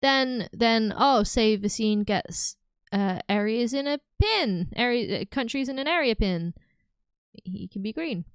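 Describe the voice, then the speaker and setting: Streaming live, this young woman has a slightly high, expressive voice and speaks at a measured pace. The sound is smooth with no echo as she casually chats with viewers, giggling a lot and sprinkling in "like" and "um."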